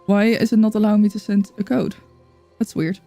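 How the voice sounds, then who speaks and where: A woman's voice: medium pitch, little pitch movement, fairly quick, warm tone, dry recording, soft background music. Chatty woman streamer, dry close sound. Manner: chatty, greets viewers, coos at her cat. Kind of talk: casual live-stream chat.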